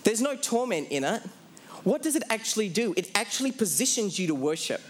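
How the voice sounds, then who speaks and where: A man preaches a sermon to a congregation, asking questions of the audience and answering them himself. He slows way down on key phrases, and his voice is high with big pitch swings.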